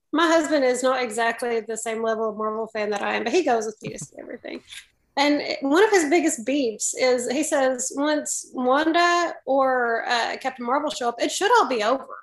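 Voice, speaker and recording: High-voiced woman chatting about a movie. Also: normal speed. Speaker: podcast co-host. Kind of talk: casual movie discussion.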